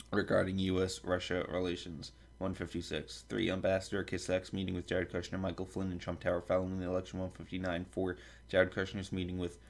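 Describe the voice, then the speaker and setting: Deep-voiced man reading a list. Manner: stumbles over foreign names and jokes aside. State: dry throat, coughing. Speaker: podcast host. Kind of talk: reading a table of contents aloud.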